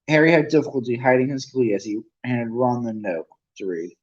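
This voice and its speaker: A man's voice: medium pitch, lively intonation, a little fast, hardly any pauses, muffled recording. A man reading a novel aloud as an amateur narrator, often stumbling and correcting himself. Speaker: amateur audiobook reader.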